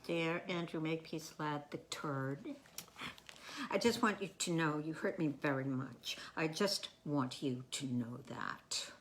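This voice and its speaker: A woman reading the part of a rich, teasing young artist in a staged play reading, sharp-tongued in her replies. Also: low voice, a little slow, slight background noise. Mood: hurt.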